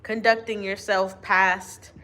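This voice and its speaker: A woman speaking unscripted to her viewers as a spiritual reader, slow and deliberate, with long pauses and restarts. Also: medium pitch, level tone, pushed and bright. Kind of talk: unscripted spiritual monologue to camera.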